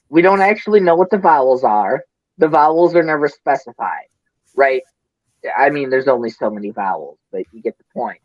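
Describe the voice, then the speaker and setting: A man's voice: fairly high pitch, dry recording, highs cut off. A man with a Midwestern accent, co-hosting a casual podcast chat, rambling and swearing as he gets flustered. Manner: rambling, profane, flustered ranting. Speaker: podcast co-host.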